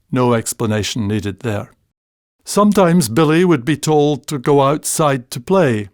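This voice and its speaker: An older man from Scotland reading a fond memoir about family dialect in an unhurried storytelling way. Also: on the high side, animated, no room sound, clean studio sound. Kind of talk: scripted memoir narration.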